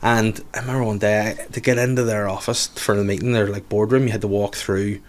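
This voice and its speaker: A man with a Belfast accent, a podcast guest telling lively anecdotes in casual chat and swearing freely. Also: fairly low pitch, a little fast. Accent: Northern Irish, Belfast.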